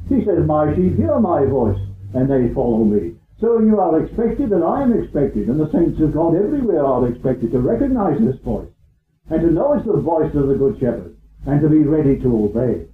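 A man's voice: on the high side, a little hiss or hum. Earnest man preaching, tinny and echoey. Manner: earnest, repeats phrases, asks rhetorical questions. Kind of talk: sermon. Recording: tinny phone-like sound in an echoey hall.

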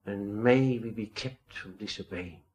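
A man's voice: lowish voice, a little slow, darkish tone. A man preaching an expository Bible sermon, reading old-style scripture aloud and stressing key points with earnest rhetorical questions. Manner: quotes old-style scripture and builds to emphatic rises.

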